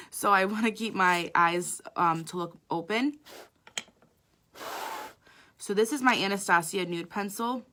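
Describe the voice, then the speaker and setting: A woman's voice: mid-range voice, a little slow, pauses often, bright, forceful tone. A woman makeup artist giving a chatty live makeup tutorial, talking straight to her viewers.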